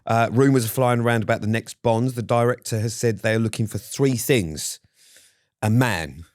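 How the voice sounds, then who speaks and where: A man's voice: medium pitch, moderate pace, darkish tone. A British man co-hosting a podcast in casual chat, dry and teasing as he steers the talk. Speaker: podcast co-host.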